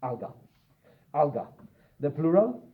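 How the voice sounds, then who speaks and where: A man teaching an English grammar lesson, slowly repeating words for pronunciation drills and checking in with "yeah?". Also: fairly high pitch, sing-song. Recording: tinny phone-like line in an echoey room.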